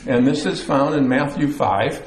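A man's voice: mid-range voice, normal speed. A man preaching a sermon from a church, an easygoing storyteller who eases in with a joke. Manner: relaxed storyteller, easygoing with fillers. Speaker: pastor. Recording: roomy echo.

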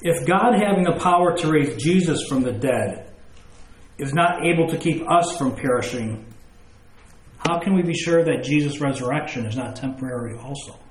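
A man delivering a sermon with a slightly higher-than-average voice. He reads scripture aloud and then unpacks it with plain everyday examples and questions to the listeners. The room gives his voice a noticeable echo. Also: normal speed. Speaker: preacher.

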